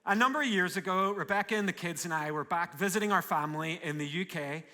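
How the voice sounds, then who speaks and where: Northern Irish male pastor, bright, forceful voice, energetic and jokey from the pulpit. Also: high voice, quick pace. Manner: warm, joking and energetic. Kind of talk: live sermon. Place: large church auditorium.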